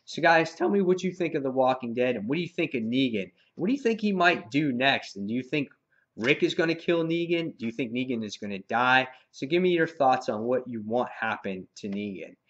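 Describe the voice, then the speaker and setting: A man's voice: mid-range voice, expressive, a little fast, a bit bright, lo-fi sound. A man casually reviewing a comic book on video, rambling with lots of fillers and slang.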